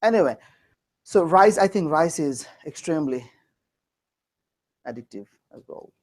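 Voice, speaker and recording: A man's voice: fairly high pitch, lively intonation, a little slow, darkish tone, rough recording. A man from Bangladesh teaching a class, teasing and joking as he quizzes his students. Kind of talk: classroom lecture.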